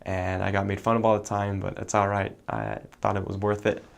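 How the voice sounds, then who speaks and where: A young man from the United States, a returned missionary, explaining a language in a relaxed way with many fillers. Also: deep voice, a little fast, creaky. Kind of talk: casual explanation.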